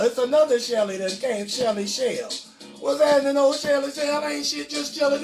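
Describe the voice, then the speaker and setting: A man hosting a live comedy stream, loud and teasing as he roasts viewers' names and greets them. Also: very high-pitched. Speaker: host. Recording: echoey room, far mic, faint music.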